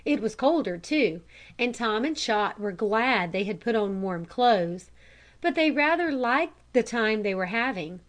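A woman reading a children's storybook aloud in a calm, measured narration. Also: on the high side. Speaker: audiobook reader.

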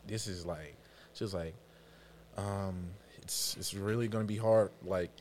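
A man's voice: low-pitched, fairly even intonation, measured pace, darkish tone, slight background noise. A young man, a college student athlete, telling a story in casual chat with hesitations. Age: young adult.

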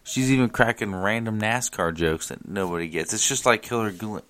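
Guy ranting about politics solo, fairly low voice, sarcastic, keeps restarting sentences. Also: a little fast, a bit bright, a little hiss or hum. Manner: sarcastic, mocking impressions; rambling with frequent restarts. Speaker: political commentator. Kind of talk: opinionated solo commentary. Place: South Carolina.

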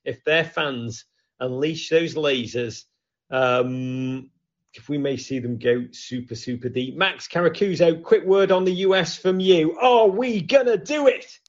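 A man hosting a lively football chat show with callers, joking and swinging from loud to hushed. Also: mid-range voice, a little slow. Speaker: host. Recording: dull lo-fi sound.

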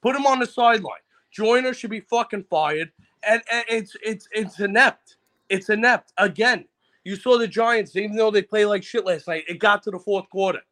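New man, sports caller, angry profane rant, high bright voice. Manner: angry, profane, rapid-fire ranting. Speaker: caller on a sports talk show. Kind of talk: ranting casual chat.

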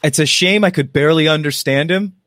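A man co-hosting a podcast, chatting casually and telling stories in a rambling, animated way with plenty of restarts. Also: a little high, brisk. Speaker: podcast co-host. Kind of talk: casual chat.

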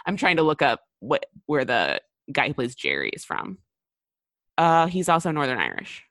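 Woman in her thirties, low-pitched, dry close sound; chatty co-host, heavy on fillers. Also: huge pitch swings, moderate pace, creaky, a bit bright, no room sound. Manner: chatty, many fillers and restarts. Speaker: podcast co-host. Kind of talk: casual chat.

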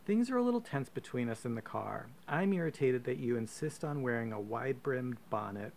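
A man co-hosting a podcast, reading a profane, comic choose-your-own-adventure story aloud with deadpan asides. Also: medium pitch, brisk, creaky, slight background noise. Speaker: podcast co-host.

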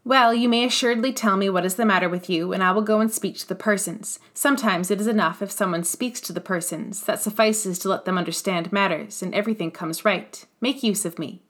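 A woman's voice: medium pitch, brisk, hardly any pauses, a bit bright, natural voice. A woman reading the part of a poor young woman who pleads earnestly to be of service. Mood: pleading.

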